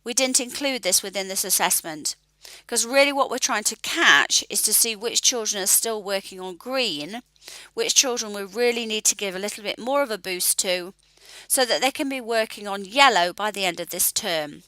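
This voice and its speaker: A woman, a literacy educator calmly explaining a reading assessment in a clear, measured voice-over. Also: medium pitch, dry recording, rough recording.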